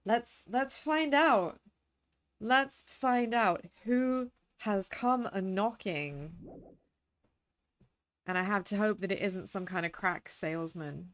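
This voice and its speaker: A woman VTuber giving excitable, playful game commentary from her home gaming corner, swearing freely. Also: medium pitch, takes it slowly, no room sound. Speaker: VTuber streamer.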